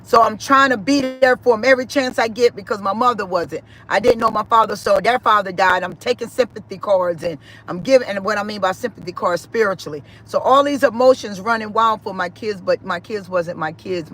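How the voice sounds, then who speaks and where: A woman's voice: medium pitch, fairly quick, hardly any pauses, a bit bright, poor audio. A middle-aged woman, giving a personal spiritual testimony in an emphatic, repetitive, emotional way. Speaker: spiritual speaker.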